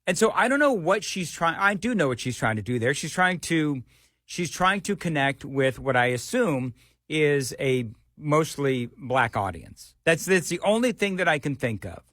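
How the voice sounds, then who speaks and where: A man's voice: fairly high pitch, sing-song, normal speed, fairly bright tone, dry recording, clean studio sound. An American man hosting political talk radio, emphatic and repeating phrases as he comments. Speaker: radio talk show host.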